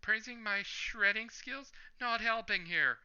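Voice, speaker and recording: A man voicing a panicking, whiny teenage boy hero who complains in a high-strung way, in a slightly dull lo-fi recording. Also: measured pace, bright, forceful tone, clean tone, exaggerated voice. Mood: panicked whining.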